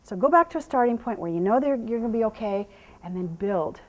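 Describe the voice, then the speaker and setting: A woman with a slightly raised voice teaches horse handling as she works, talking to the viewer in plain steps. Between explanations she drops to gentle, hushed praise for the horse. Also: a little high, expressive, fast. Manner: soothing, praising the horse with soft murmurs. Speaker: horse trainer. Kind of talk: hands-on training demonstration.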